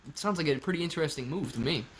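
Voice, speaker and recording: A man's voice: fairly high pitch, expressive, rapid-fire. A young man hosting a casual live stream, joking around and reading viewer chat aloud. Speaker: livestream host.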